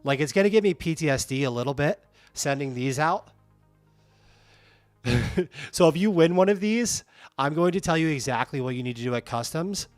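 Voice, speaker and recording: A man's voice: a little high, normal speed, long pauses, no room sound, faint music behind. A man hosting a livestream, chatting casually and candidly, reading viewer comments aloud. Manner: candid, animated, reads chat comments aloud. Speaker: livestream host.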